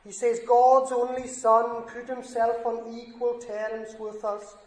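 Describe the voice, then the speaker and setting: A man's voice: very high voice, monotone, slow pace. A man preaching a sermon in an earnest, emphatic way, lifting his voice on scripture quotes. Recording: echoey room.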